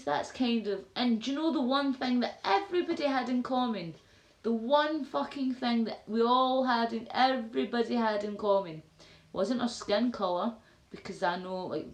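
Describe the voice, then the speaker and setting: A Scottish woman chatting casually on a livestream, swearing freely and rambling as she answers viewer comments. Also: medium pitch. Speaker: livestream host. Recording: roomy echo.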